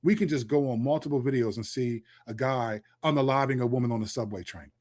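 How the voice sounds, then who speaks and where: A man's voice: mid-range voice, fast, a little mellow. A middle-aged man giving an impassioned solo Christian commentary, preachy and emphatic, reading scripture aloud and often restarting his sentences.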